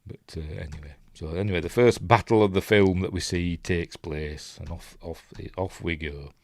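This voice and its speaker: A man's voice: deep voice, moderate pace, a little mellow, no echo. A man with a Yorkshire accent casually breaking down a film scene by scene, rambling and often stopping to find his place. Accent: Yorkshire English. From Yorkshire, England. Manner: rambling, self-interrupting, quotes lines in put-on voices. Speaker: movie reviewer.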